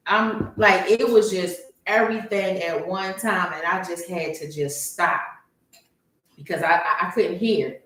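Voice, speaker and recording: A woman co-hosting a podcast, telling a personal story in casual chat and jumping high in pitch when she quotes her own panic. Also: a little slow, a bit bright. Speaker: podcast co-host. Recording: roomy echo, far from the mic.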